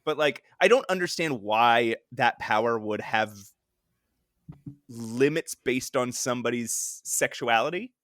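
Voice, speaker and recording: A man co-hosting a podcast in casual chat, animated and laughing often, acting out quotes in a high voice. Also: unhurried, dry recording, clean studio sound. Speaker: podcast co-host.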